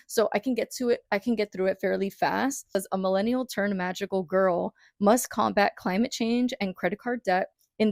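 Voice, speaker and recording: A woman's voice: medium pitch, gravelly, dry recording, studio quality. A young woman vlogger chatting casually about books, retelling stories with dramatic quoted reactions. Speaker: book vlogger. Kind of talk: casual chat.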